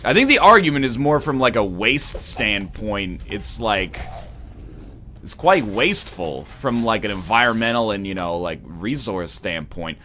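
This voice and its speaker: A young man talks with his stream audience, animated and rambling. His pitch swings a lot from line to line, and his voice has a bright, forward edge. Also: unhurried, a little hiss or hum. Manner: animated, rambling, tries celebrity impressions. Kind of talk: casual chat while playing a game.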